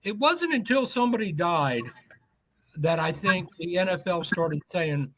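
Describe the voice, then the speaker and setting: A man, an author guest on a podcast, telling a story with lively acted-out quotes. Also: sits high, measured pace, low-quality recording. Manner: animated anecdote teller, acts out quoted lines.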